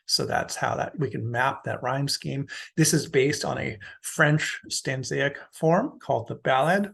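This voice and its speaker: Male university lecturer, gravelly and a bit husky, relaxed explanatory delivery. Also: fairly high pitch, a little slow, few pauses. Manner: explanatory, casual with fillers. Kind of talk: recorded lecture.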